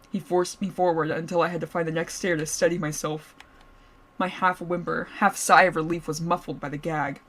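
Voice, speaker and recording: A woman's voice: sits low, fairly even intonation, normal speed, a bit bright, breathy edge. Playful woman streamer reading a story. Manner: playful, giggly, breaks off to joke with chat. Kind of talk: story reading with live reactions.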